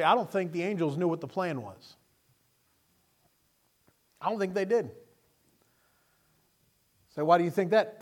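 A man preaching a sermon, telling Bible stories with animated delivery and acting out the characters. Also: high voice. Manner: animated storytelling, acting out scenes in character voices.

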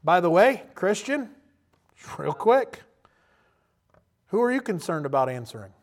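A man preaching a sermon, animated and emphatic, putting direct questions to his listeners. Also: sits high, unhurried. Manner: animated, emphatic, rises to loud bursts.

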